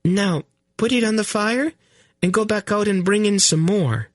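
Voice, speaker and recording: A man voicing an exasperated young pregnant queen who talks slowly and distinctly, as if to someone slow. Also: high-pitched, no echo, studio quality, voice pushed up. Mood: patiently bossy. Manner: impatient, speaks slowly and distinctly as if to a fool. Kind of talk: audiobook character voice.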